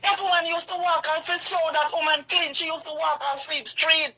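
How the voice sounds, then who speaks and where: High, sharp-voiced Jamaican woman ranting. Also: fairly even intonation, a little fast, low-quality recording. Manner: impassioned, repetitive ranting. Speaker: vlogger. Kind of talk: angry video rant.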